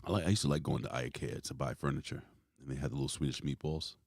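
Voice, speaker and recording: A man's voice: extremely low pitch, quick pace, gravelly, no echo, clean studio sound. A man in his forties hosting a casual wrestling podcast, rambling and swearing as he tells stories. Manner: rambling, swears freely, animated storytelling. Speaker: podcast host.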